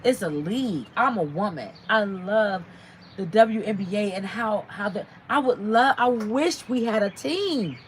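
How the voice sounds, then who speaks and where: A woman's voice: medium pitch, animated, measured pace, slight background noise, rough recording. A woman hosting a casual livestream, chatting and reading out viewer comments. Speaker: livestream host.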